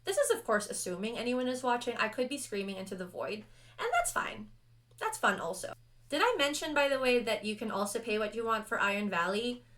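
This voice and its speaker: Young woman, chatty, tangent-prone, animated, self-deprecating, solo tabletop roleplay chat. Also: a little high, fairly quick. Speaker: solo roleplayer and video host. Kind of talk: casual actual-play chat.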